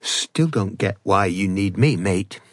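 A man's voice: sits low, lively intonation, takes it slowly, no echo, voice pushed down. A man voicing a weary young woman in an audiobook, dry and sarcastic. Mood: sardonic.

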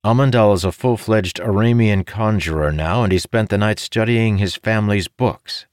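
A man voicing a loyal, tactful young male friend in an audiobook, slightly raised from his own deep voice. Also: moderate pace, darkish tone, clear, resonant tone, no echo, clean studio sound, natural voice. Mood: earnest. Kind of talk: audiobook character voice.

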